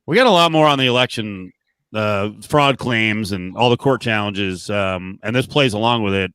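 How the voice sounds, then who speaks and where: A man's voice: lowish voice, moderate pace, a bit bright, smooth, dry recording. A man hosting a podcast, casually reading viewer questions and news headlines. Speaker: podcast host.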